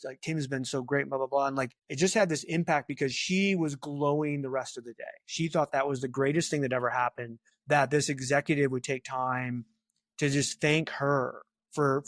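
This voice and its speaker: A middle-aged man speaking as a guest in a casual interview, chatty and animated, full of fillers and asides. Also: medium pitch, no echo, studio quality. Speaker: talent acquisition leader, guest.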